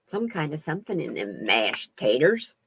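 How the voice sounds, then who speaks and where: A woman's voice: low voice, sing-song, normal speed, creaky, background noise. A woman hosting a casual live-stream chat as a card reader, folksy and laughing often.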